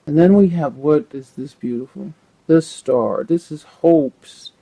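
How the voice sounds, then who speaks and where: A man giving a casual tarot reading, thinking aloud in a halting, rambling way with many repeated words. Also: a little high, dark tone, rough recording. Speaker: tarot reader.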